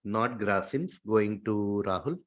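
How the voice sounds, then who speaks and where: Indian English quizmaster, measured delivery. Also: male voice, fairly low pitch. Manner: steady, explanatory, lightly hesitant with fillers. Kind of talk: hosting a quiz show.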